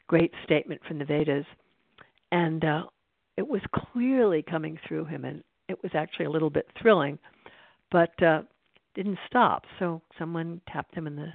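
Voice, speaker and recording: Gravelly meditation teacher musing along, restarting a lot, phone-line sound. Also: medium pitch, dry recording. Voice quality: creaky. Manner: unhurried, reflective, many restarts. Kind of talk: spiritual talk. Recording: tinny phone-like line, dry.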